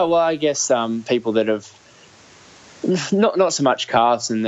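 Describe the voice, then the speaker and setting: Young Australian man, hesitant, flat and low, muffled lo-fi sound. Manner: hesitant, many restarts and fillers. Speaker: guest, Olympic triathlete. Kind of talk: casual interview chat.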